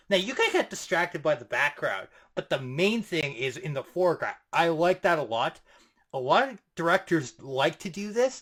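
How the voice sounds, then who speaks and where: A man co-hosting a podcast film review, excitable and profane in casual chat. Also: a little high. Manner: excitable, swears, talks with enthusiasm.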